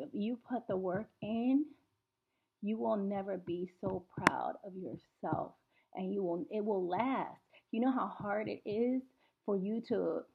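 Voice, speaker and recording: A young woman talks straight to her viewers in a casual, emphatic, motivating way. Her voice sits in a middle pitch. The home recording sounds a bit dull and lo-fi. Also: gravelly, breathy edge. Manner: emphatic, repeats "you know what" and "okay?". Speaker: weight-loss vlogger. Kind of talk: casual motivational talk to camera.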